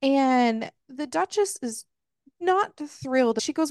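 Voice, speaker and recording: A woman's voice: high voice, animated, takes it slowly, a little mellow, dry recording, clean studio sound. A woman co-hosting a book club podcast, retelling scenes in casual chat, swearing freely and laughing often. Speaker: podcast co-host.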